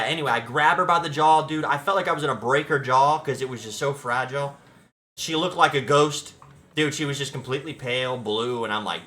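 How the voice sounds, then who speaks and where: A young adult man streaming, telling a story in an excitable, slangy, dramatic way. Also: medium pitch. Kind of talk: casual storytelling chat.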